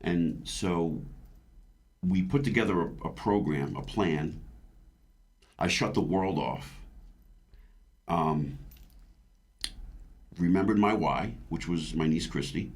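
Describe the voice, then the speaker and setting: Deep-voiced man in his fifties, earnest storyteller. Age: 50s. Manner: earnest, emotional, with frequent restarts and stammers; retells his own past words aloud. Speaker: guest, veteran bodybuilder. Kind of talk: candid interview storytelling.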